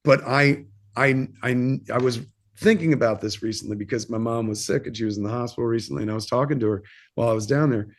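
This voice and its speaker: A man in his fifties speaks as a guest on a podcast, telling a long personal story. He is open and unguarded, and he rambles through plenty of fillers and casual swearing. His voice sits at an ordinary middle pitch. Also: quick pace. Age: 50s. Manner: candid and rambling, swears freely, lots of fillers.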